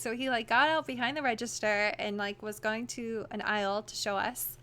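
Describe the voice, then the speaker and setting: A young woman vlogging, telling a story to her camera in a chatty, animated way full of "like" fillers. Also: medium pitch, fairly quick. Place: home room, wearing a costume.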